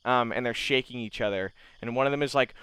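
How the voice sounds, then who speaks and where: A man's voice: mid-range voice, fast talker, fairly bright tone, clear, resonant tone, no echo. A man narrating casually as game master, with many fillers.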